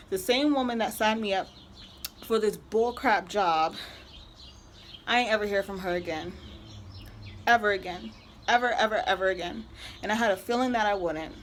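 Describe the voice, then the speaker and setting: A medium-pitched young woman vlogger tells an exasperated story in a casual rant, chatty and packed with filler words like "like." A little hiss or hum can be heard.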